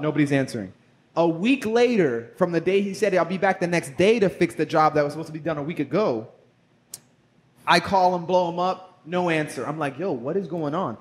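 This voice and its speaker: A man telling a story in casual podcast chat, animated, swearing and acting out what people said. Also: on the high side. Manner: animated, swears, acts out quoted dialogue. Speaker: barbershop co-owner and podcast guest.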